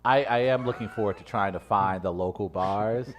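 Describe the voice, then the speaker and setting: A man co-hosting a podcast in loud, jokey, excitable banter. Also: lowish voice, normal speed. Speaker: podcast co-host. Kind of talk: casual banter.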